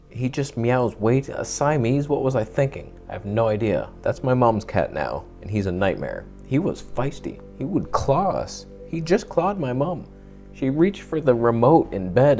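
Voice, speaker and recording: A man's voice: mid-range voice, darkish tone. A young man chatting casually to camera, telling rambling, jokey stories and swearing now and then. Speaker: vlogger.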